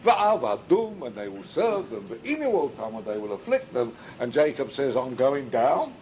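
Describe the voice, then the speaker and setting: A man's voice: medium pitch, very animated, normal speed, darkish tone, a little hiss or hum, rough recording. A man teaching a Midrash class as a rabbi, reading Hebrew and then translating it, and asking rhetorical questions that he answers himself. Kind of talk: Midrash study lesson.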